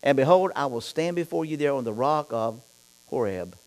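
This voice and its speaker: A male pastor preaching a sermon, reading scripture and then talking straight to the congregation, dropping low for asides and getting loud and fired up in other stretches. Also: expressive, moderate pace, poor audio. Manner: reads scripture aloud and talks straight to the congregation.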